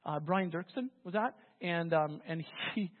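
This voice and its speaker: Unhurried and medium-pitched, a pastor preaches a sermon like he's telling a story in conversation, restarting phrases often. The sound is phone-like with a long hall reverb.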